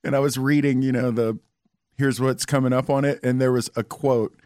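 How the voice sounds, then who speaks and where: A man's voice: medium pitch, fairly even intonation, normal speed, a little mellow, no echo. A man co-hosting a podcast in casual chat, with dry, sarcastic humor. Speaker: podcast co-host.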